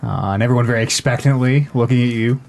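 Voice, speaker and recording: A man's voice: mid-range voice, fast, creaky, darkish tone. A man narrating as game master in a tabletop game, easygoing and often laughing.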